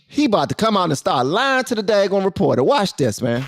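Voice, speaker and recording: A man hosting a casual reaction commentary, playful and animated, talking straight to his viewers. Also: high-pitched, brisk, few pauses. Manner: animated, playful, talks to the audience directly. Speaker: commentary channel host.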